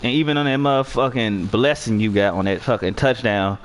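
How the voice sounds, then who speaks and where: A man's voice: medium pitch, brisk, slight background noise. A young man giving heated, profane commentary while playing a video game and arguing with his opponent. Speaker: gamer. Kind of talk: trash-talking gameplay commentary.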